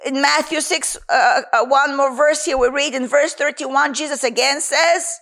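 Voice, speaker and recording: A woman preaching a sermon and quoting scripture, slow and emphatic. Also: high-pitched, steady tone, fairly bright tone.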